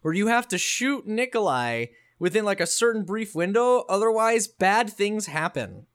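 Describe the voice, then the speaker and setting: Another high-voiced man on the gaming podcast talks at a moderate pace with a smooth sound. Swearing freely as he recaps, he stays animated and voices the characters' lines himself.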